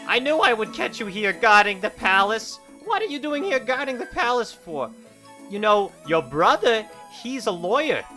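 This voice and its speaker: A man voicing a nagging skeleton mother who scolds her son in a shrill, bossy voice. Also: very animated, moderate pace, bright, forceful tone, soft background music, full character voice. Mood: scolding.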